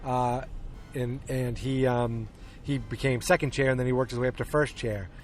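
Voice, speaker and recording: A man hosting a casual movie podcast, rambling with lots of fillers and restarts and acting out scenes in quick bursts. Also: mid-range voice, steady tone. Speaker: podcast host. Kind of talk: casual movie review chat.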